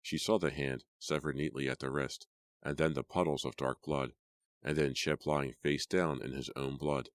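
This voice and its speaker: Very deep-voiced male audiobook narrator. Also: fairly even intonation, moderate pace, no echo, studio quality. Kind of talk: scripted narration.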